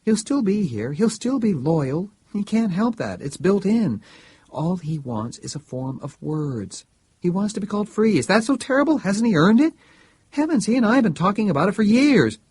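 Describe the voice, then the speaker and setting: Defiant, earnest young woman in a high, pleading voice, played by a husky male narrator; audiobook part. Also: very animated, normal speed, a little mellow, heavily acted. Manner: pleading, raised pitch. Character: spirited grown daughter, defiant and earnest. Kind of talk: audiobook reading.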